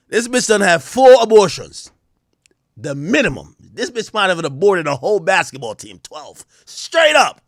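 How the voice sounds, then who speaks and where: A man holds a profane live-stream rant for his chat, his voice sitting very high and leaping up and down in pitch. He talks crudely and breaks into shouting at times. The sound is close and dry, with no room around it. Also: no echo. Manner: animated, crude, bursts into shouting.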